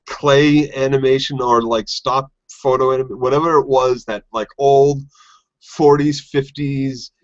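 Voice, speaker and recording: A man's voice: medium pitch, steady tone, measured pace, dull audio. A man co-hosting a casual recap podcast, chatty and jokey, chiming in with comments. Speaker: podcast co-host.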